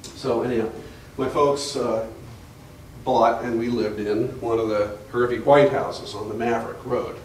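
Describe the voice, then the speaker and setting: A man's voice: mid-range voice, steady tone, a little slow. An older man telling rambling family anecdotes to an audience at a museum talk, often restarting his sentences. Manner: rambling storyteller with frequent restarts and fillers. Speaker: guest speaker at a museum talk. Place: museum gallery, recorded from the audience. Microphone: distant camera mic. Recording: echoey room from far off, faint hiss.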